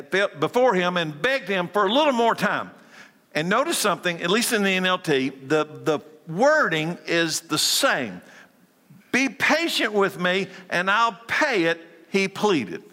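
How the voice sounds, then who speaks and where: A male preacher delivers a sermon in a large hall, his slightly high voice swooping up and down with lots of movement. He hammers key words and throws questions at his listeners, and a long reverb trails after each phrase. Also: pushed and bright. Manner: emphatic, repeats key words, asks the audience questions. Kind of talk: animated sermon.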